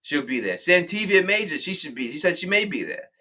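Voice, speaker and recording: This channel host is a man with a voice that sits high and moves a little fast. He tells stories in an animated way during a casual chat, laughing a lot and acting out voices.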